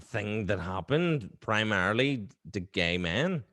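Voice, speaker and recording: A man's voice: on the low side, very animated, slow pace, pushed and bright. A young man hosting a podcast, talking in a hesitant, rambling way and then making his point emphatically. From Ireland. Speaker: podcast host, actor. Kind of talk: casual interview chat.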